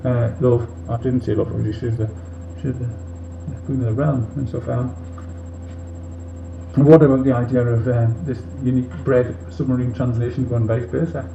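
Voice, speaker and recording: A man's voice: mid-range voice, little pitch movement, moderate pace, creaky, lightly acted. A man playing a tipsy male robot leader in a comic monologue, earnest and rambling off on tangents with many fillers. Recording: muffled, roomy, faint hiss.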